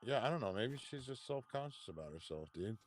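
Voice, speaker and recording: A man's voice: medium pitch, lively intonation, fairly quick, very noisy. A man chatting casually with friends while gaming, rambling and swearing, filling his talk with "like". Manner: rambling, profane, says "like" a lot. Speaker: game player.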